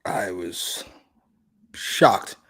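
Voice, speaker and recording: A man's voice: low-pitched, lively intonation, extremely slow, fairly bright tone. A man co-hosting a wrestling review podcast, talking bluntly with lots of swearing and laughing asides. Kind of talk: casual podcast review chat.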